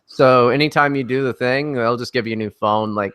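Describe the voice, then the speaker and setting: A man on as a guest in a casual podcast chat, telling a story in a brash, profane, animated way. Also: mid-range voice, brisk, clean tone, no room sound.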